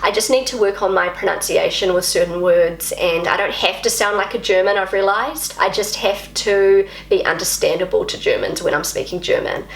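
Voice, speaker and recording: A woman's voice: mid-range voice, moderate pace, vocal fry, few pauses, a little hiss or hum. Brief: chatty woman vlogger, native English speaker, self-mocking, in a roomy space. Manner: self-deprecating, chatty, repeats words while practising. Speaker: language vlogger. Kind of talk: casual talk to camera.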